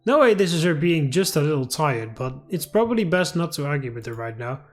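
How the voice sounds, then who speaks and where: Animated high-pitched male let's play host reading a visual novel, faint music. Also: a little fast. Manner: animated, swearing.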